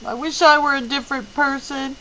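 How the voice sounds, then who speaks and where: A woman's voice: high-pitched, slow, creaky, fairly bright tone, muffled recording, a little hiss or hum, voice pushed up, heavily acted. A woman reading aloud, voicing an insecure teenage girl who talks in a trembling, sobbing voice. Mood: tearful.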